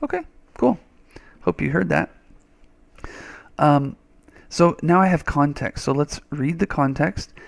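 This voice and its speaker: A man's voice: medium pitch, creaky. A man teaching a reading lesson over a screen recording, chatty and thinking aloud, with little playful sound effects.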